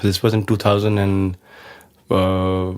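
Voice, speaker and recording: A man with an Indian English accent, a guest artist telling stories in a casual interview, animated and mixing in Hindi phrases. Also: low voice, slow, clear, resonant tone.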